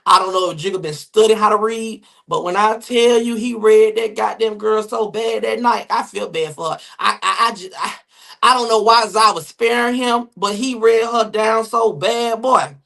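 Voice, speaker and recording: A man's voice: high voice, steady tone, gravelly, bright, forceful tone. Brief: man hosting a sassy livestream gossip show, reads the chat with plenty of attitude. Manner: sassy, rapid, swearing, addresses chat viewers. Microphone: phone or webcam mic on livestream.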